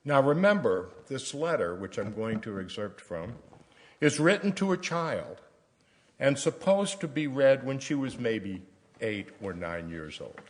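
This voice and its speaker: An older man from Tennessee, reading a personal letter aloud at a church service in a measured, storytelling way. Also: mid-range voice, big pitch swings. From Tennessee, US South.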